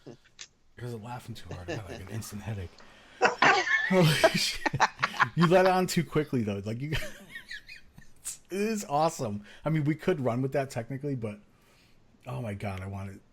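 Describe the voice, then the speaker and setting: A man's voice: medium pitch, wildly swooping pitch, moderate pace, long pauses, fairly bright tone, a little hiss or hum. A man co-hosting a podcast, laughing and directing a comedy bit in casual banter. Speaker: podcast co-host.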